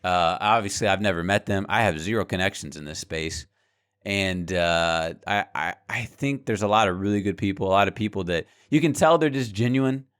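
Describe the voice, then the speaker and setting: A man's voice: deep voice, normal speed, fairly bright tone, clear, resonant tone. A man talking candidly to his viewers in a vlog, frank and heated, swearing freely and repeating words as he gets worked up. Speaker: small gaming YouTuber and streamer. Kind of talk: candid vlog rant to camera.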